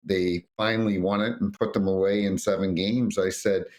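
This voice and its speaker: With a deep voice and normal speed, this middle-aged man, a retired hockey referee appearing as a podcast guest, spins lively anecdotes. He acts out the quotes and keeps restarting as he goes.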